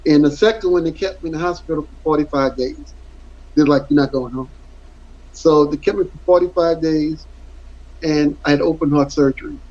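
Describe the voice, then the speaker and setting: Guy in an interview, earnest and rambly, keeps repeating himself, highish voice, kinda muffled audio. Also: steady tone, fairly quick, darkish tone. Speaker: interview guest, former football player. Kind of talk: candid interview storytelling. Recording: dull lo-fi audio.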